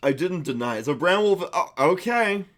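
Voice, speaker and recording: A man's voice: sits high, expressive, normal speed, a bit bright. A young man narrating a tabletop game for a live-stream chat, chatty with frequent fillers and laughs.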